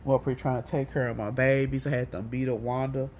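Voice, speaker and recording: A woman telling a rambling personal story in a casual monologue, profane and animated, often acting out what others said. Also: a bass voice, quick pace, a little hiss or hum.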